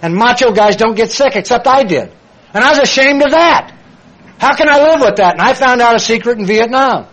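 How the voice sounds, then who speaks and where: Older man, high-pitched, plain-spoken, confessional, repeats himself. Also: lively intonation, fairly quick, fairly bright tone, lo-fi sound. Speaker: speaker at a recovery meeting. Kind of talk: personal testimony talk.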